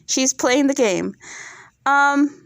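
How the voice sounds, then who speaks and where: A woman's voice: high-pitched, extremely slow, creaky, a bit bright, no room sound, clean studio sound. A woman giving casual, opinionated commentary on a reality TV show, often checking in with her viewers. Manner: chatty, opinionated, asks "right?" often. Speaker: reality TV reviewer.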